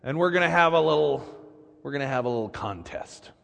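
A preacher voicing the prophet Elijah, bold. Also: male voice, medium pitch, expressive, fairly quick, vocal fry, long reverb tail, voice pushed down. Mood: confident. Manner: taunting, shouting challenges.

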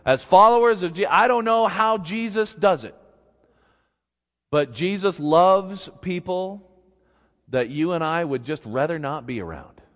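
A man pastor preaching a sermon in a church, telling a story in an animated, folksy way. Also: high voice, unhurried. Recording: long reverb in a big hall.

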